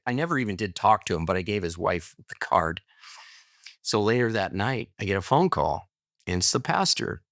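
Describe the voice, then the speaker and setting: A middle-aged man with a low voice, recorded in studio quality without echo, is a guest on a podcast. He relates a personal story casually and animatedly, giving voice to the dialogue as he goes.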